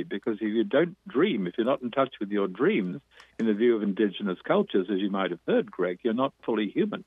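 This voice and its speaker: A man with a New York accent, an author and dream teacher, explaining fervently and fast as an interview guest, with frequent restarts. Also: mid-range voice, big pitch swings, husky, dry recording. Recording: tinny phone line.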